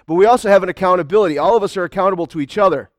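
High-voiced man preaching a sermon. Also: very fast, no room sound, studio quality. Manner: conversational preaching with call-outs to the congregation. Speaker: pastor.

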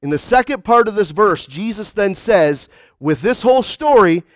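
A man's voice: high-pitched, expressive, normal speed, no room sound, studio quality. A man preaching a conversational sermon to a congregation, often calling out to the crowd. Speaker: pastor.

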